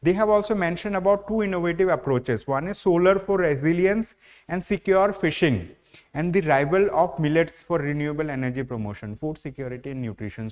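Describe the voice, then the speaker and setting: Leaning on "like, you know" as he explains, a man with an Indian English accent walks students step by step through current affairs in an online exam-prep lecture. His voice sits on the high side and sounds a little mellow.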